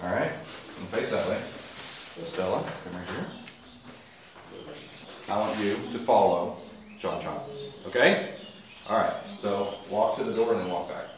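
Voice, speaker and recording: A man preaching a sermon, joking aside to his listeners and reading scripture slowly. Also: lowish voice, noisy background. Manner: animated, jokey asides, reads scripture slowly. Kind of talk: sermon with audience participation. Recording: echoey hall, faint ambience.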